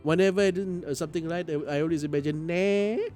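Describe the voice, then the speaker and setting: A man's voice: fairly high pitch, fairly even intonation, racing, a little mellow, soft background music. A man streaming a visual novel game live, chatting and laughing with viewers and tripping over his words. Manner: chatty, laughing, stammering restarts.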